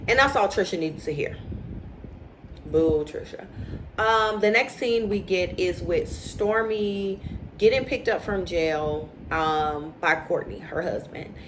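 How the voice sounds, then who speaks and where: A woman recapping a reality show in casual, opinionated chat, acting out quotes with animated inflection. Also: fairly low pitch, slight background noise, rough recording.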